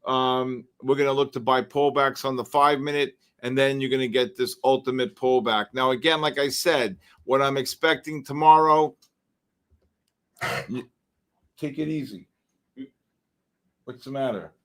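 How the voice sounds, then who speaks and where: A man's voice: medium pitch, steady tone, normal speed, pauses often, a bit bright. Rambling male trading-stream host. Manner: rambling, exclamatory, talks to chat and dog. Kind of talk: live market commentary.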